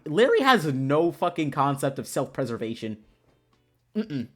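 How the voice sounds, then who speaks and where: A game streamer reacting loudly and excitably to a visual novel, swearing often. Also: medium pitch, unhurried, soft background music.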